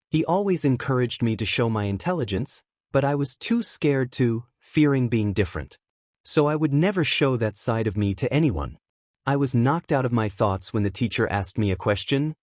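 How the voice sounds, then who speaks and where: A man reading a fanfiction story aloud as a first-person narrator, in a subdued, even way of telling it. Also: mid-range voice, no echo, clean studio sound. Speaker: fanfiction reader.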